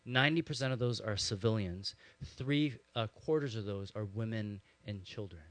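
A man preaching a sermon, telling stories in a lively, conversational way with frequent asides to his listeners. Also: lowish voice, normal speed, no echo. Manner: animated storytelling with conversational asides. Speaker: pastor.

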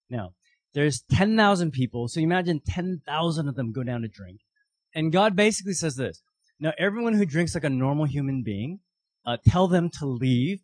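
A man preaching a sermon, telling a story with lively, animated voices for its characters. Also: fairly high pitch, normal speed, no room sound. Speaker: pastor.

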